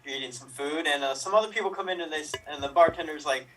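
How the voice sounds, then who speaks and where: A man's voice: on the high side, fast talker, hardly any pauses, fairly bright tone. Run-on joking man on a distant mic. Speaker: improv performer. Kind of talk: telling one-line joke setups. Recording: distant mic, faint noise.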